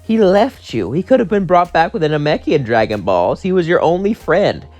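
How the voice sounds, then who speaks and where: A man's voice: very animated, normal speed, a little mellow, faint music behind. A man voicing a small, sneering evil male wizard in a spoken fan story, in a raised, strained tone. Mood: taunting. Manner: taunting, high and strained.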